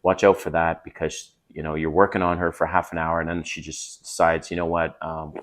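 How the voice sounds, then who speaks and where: A middle-aged man with a low, deep voice gives dating advice to the camera. He talks in a casual, emphatic way and often checks in with his listener as he goes. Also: little pitch movement, brisk.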